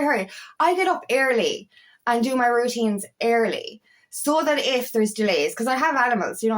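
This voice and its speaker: A woman's voice: fairly high pitch, a bit bright. A woman coaching, talking straight to camera in an emphatic, rambling way and swearing a lot. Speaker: feminine empowerment coach. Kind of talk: casual vlog monologue.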